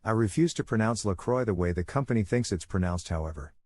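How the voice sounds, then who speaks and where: A man with a fairly low voice reads forum posts aloud. His delivery is plain, with playful lifts on quoted words. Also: animated, quick pace, a little mellow, a little hiss or hum. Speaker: narrator reading online posts.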